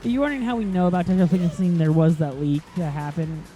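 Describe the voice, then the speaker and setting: A man's voice: sits high, steady tone, quick pace, warm tone, soft background music. A man hosting a casual let's-play commentary, rambling and chatty, easily sidetracked, filling gaps with lots of ums. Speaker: gaming channel host.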